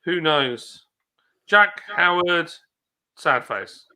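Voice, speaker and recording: A man's voice: a little high, animated, drawn-out words, sharp tone. A man hosting a casual livestream, chatting and reading viewers' comments aloud in a rambling way. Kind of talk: casual chat.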